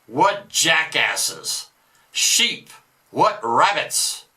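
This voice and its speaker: A man's voice: a little high, sing-song, drawn-out words, sharp tone, pitched above the performer's own voice, exaggerated voice, low-quality recording. A man reading aloud the words of a spiteful, boastful devil, declaiming with mocking scorn. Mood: scornful. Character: spiteful boastful male devil, gloating and raging.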